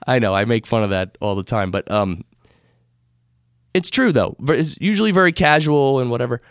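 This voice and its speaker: Speaking at a normal speed into a studio mic, this American podcast host has an expressive, mid-range voice. His talk on spirituality is casual and conversational, wandering off and self-correcting along the way. There's no room sound, just a clean studio recording.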